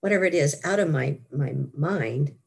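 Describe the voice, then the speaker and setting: Gravelly older woman telling her story. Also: sits low, normal speed. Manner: animated storytelling, laughs often. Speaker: guest author. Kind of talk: interview storytelling.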